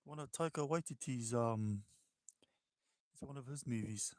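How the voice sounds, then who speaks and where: A relaxed man with a New Zealand accent chats away as he draws, casual and talkative. His voice sits at an ordinary middle pitch and sounds dry and close, with no room around it. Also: measured pace, no echo. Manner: laid-back, chatty, calls listeners bro. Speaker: livestreaming artist. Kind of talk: casual chat while drawing.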